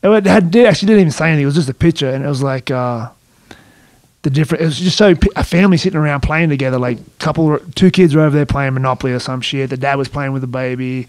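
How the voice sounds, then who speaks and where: An Australian man in his twenties, a podcast guest, joking around in quick, easy banter. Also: mid-range voice, darkish tone, no room sound. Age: 20s.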